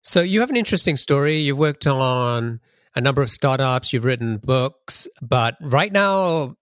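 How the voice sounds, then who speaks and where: A man's voice: medium pitch, animated, moderate pace, a bit bright, dry recording, clean studio sound. A man hosting a podcast, reading a sponsor message and asking his guest questions in an eager, conversational way. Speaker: podcast host. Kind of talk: podcast interview and ad read.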